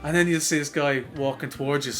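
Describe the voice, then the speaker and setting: A man's voice: a little high, fairly even intonation, quick pace, fairly bright tone, faint music behind. An Irish man co-hosting a podcast, rambling through a story in casual chat, heavy on "like" and swearing freely. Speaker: podcast co-host.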